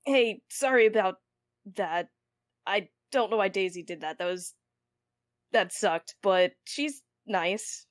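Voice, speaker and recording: A woman's voice: medium pitch, slow pace, no echo, studio quality, lightly acted. A woman voicing a kind, hesitant young woman adventurer in a tabletop game. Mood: apologetic.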